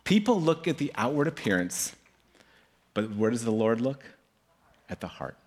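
A middle-aged man, a pastor, telling a story in a casual, animated sermon, keeps asking "right?" and acting out voices. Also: moderate pace. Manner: animated, acts out voices with big pitch swings.

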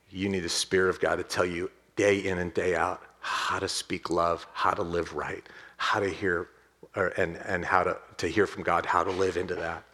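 Male preacher, easygoing and animated, hushed to excited, talks right to the congregation. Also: sits low. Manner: conversational, animated, swings between hushed and excited; addresses the congregation directly. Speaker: pastor. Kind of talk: sermon.

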